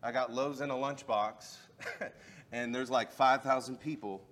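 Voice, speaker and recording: A pastor preaching a sermon in a voice of ordinary pitch for a man. He tells his story in an easy, casual way, then builds up to fervent preaching. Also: steady tone, unhurried, a bit bright.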